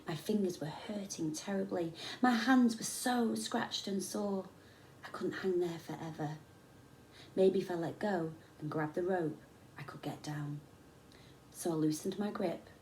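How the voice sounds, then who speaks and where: A woman teacher reading a children's story aloud with expressive, dramatic storytelling. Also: on the low side, recorded from a distance, slight background noise. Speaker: primary school teacher. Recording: echoey room.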